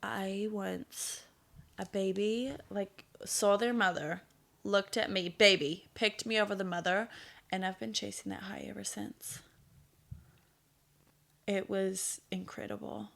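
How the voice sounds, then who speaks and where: Bright, gravelly-voiced chatty woman host. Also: mid-range voice, steady tone, slow. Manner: chatty, blunt, swears freely, laughs at herself. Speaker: podcast host. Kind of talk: casual solo podcast monologue.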